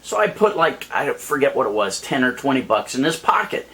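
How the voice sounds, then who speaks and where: A man's voice: mid-range voice, sing-song, fairly quick, bright, forceful tone. A man ranting heatedly to camera in a vlog, exasperated and worked up. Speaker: YouTube vlogger.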